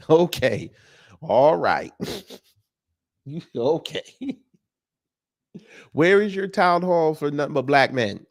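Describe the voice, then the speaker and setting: A man's voice: a little high, very animated, slow pace, long pauses. A man doing casual reaction commentary, talking back at a clip with sarcastic, mocking remarks.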